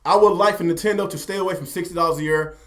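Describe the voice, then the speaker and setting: A man's voice: sits high, racing, a bit bright. A young man hosting a gaming livestream, talking casually and repetitively while answering his chat. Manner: talkative, repeats himself, addresses chat directly.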